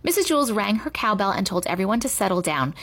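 A woman reading a children's chapter book aloud with expressive storytelling. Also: mid-range voice, fast talker. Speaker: reader.

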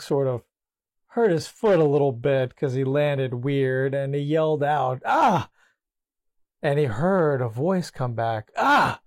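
A man hosting a self-help clip, calmly telling a motivational parable in a gentle storytelling manner. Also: medium pitch, no room sound, studio quality.

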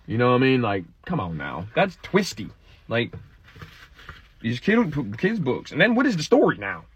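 A man talking casually to his viewers and addressing them as y'all, with animated asides while reading a kids' book. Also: mid-range voice, normal speed, breathy edge. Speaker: vlogger. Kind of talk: casual read-aloud vlog.

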